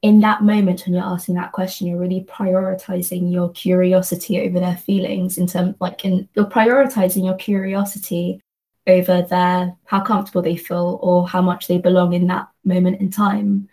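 Earnest woman, flat even voice. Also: lowish voice, moderate pace, poor audio. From London, England. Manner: earnest, thinking aloud with frequent restarts. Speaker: guest, company associate. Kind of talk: reflective conversational discussion.

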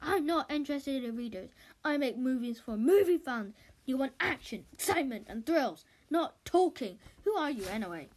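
A woman voicing a loud, bossy male movie director who barks his lines. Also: high voice, animated, moderate pace. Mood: barking. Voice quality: barking, shouted delivery.

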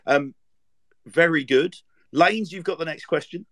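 A man's voice: a little high, measured pace, fairly bright tone, dry recording. A man hosting a casual podcast chat, jokey and teasing, with lots of fillers. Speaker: podcast host.

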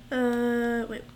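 A woman's voice: on the high side, darkish tone, a little hiss or hum. A woman in casual chat, reading out dishes with giggles and stumbling over foreign words.

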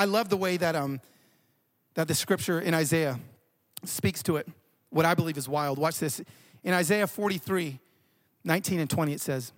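A man preaching a sermon, an animated storyteller who often repeats words. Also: sits high. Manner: animated, repeats words while telling stories. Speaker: pastor.

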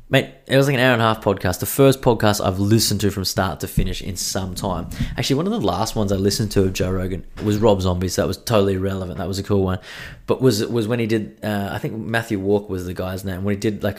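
A man's voice: on the low side, a little mellow. A young man hosting a podcast, congested from a cold, rambling casually and swearing a lot. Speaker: podcast host. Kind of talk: casual solo podcast chat.

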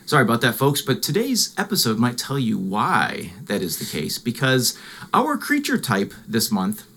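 A man hosts his podcast in easy, chatty conversation, often tripping over his words and laughing mid-sentence. His voice has a gravelly edge and swings freely up and down, and his pitch sits in the middle of the range. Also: wildly swooping pitch, normal speed, sharp tone. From Illinois, USA. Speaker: podcast host. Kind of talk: casual chat.

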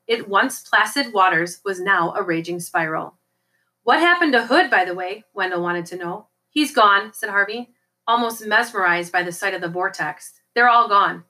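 A woman reading a novel aloud as an audiobook, in a steady storytelling manner. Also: medium pitch, low-quality recording. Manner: steady storytelling with occasional slips and restarts. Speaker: audiobook reader.

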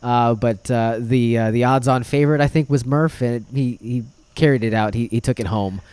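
A man's voice: mid-range voice, normal speed, darkish tone, clear, resonant tone, no room sound. Man, podcast host, casual joking recap, dry close sound.

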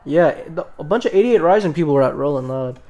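A young man in casual chat, relaxed and joking, talking in slang. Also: on the high side, quick pace, lo-fi sound.

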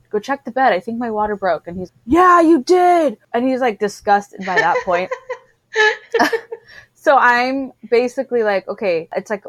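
A woman in her thirties chatting casually, telling a story in an animated way and acting out what people said. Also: mid-range voice, no room sound. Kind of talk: casual chat.

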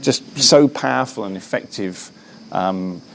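Earnest low-voiced preaching man, gravelly. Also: unhurried, a little hiss or hum. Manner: earnest, animated, frequent restarts. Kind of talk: preaching in an interview. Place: Belfast.

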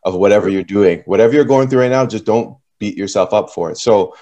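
A man's voice: on the low side, quick pace, dark tone, lo-fi sound. A man hosting a podcast interview, asking questions in an easygoing way with frequent affirming murmurs. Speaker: podcast host. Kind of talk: casual interview talk.

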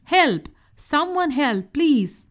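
A woman voicing a boastful young male rabbit in a children's storybook reading, with a quick, bragging delivery. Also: a little high, big pitch swings. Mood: pleading.

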